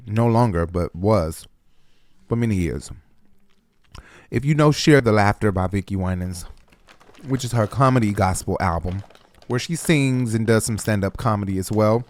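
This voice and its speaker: A man with a low voice chats casually as a reaction host, thinking aloud and pausing on fillers. His sound is dry and close, with no room around it. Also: darkish tone, dry recording. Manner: musing, hesitant, filler-heavy. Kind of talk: casual commentary.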